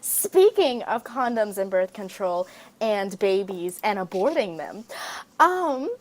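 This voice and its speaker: A woman's voice: mid-range voice, big pitch swings, slow pace. A woman with a Southern US accent hosting a podcast in casual chat, profane and rambling with lots of ums. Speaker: podcast host.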